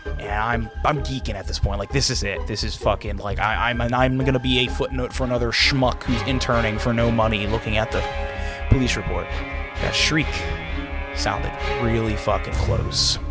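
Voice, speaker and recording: A man's voice: mid-range voice, little pitch movement, music in the background. Man telling a spooky campfire tale. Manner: dramatic storytelling, swearing, quick laughs. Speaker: podcast co-host. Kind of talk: casual chat and campfire story.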